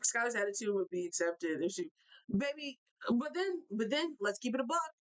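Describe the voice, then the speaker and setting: A young woman hosting a live basketball talk show, ranting in an animated way and repeating herself for emphasis. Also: a little high, moderate pace, rough recording. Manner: animated, repetitive, fired-up ranting. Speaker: show host.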